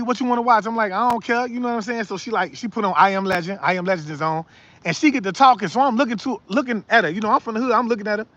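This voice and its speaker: A man's voice: high-pitched, no room sound. A young man telling a story casually to viewers and acting out what the other people said. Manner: animated, acts out other people's lines. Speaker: spiritual storyteller. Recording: dull lo-fi dry sound.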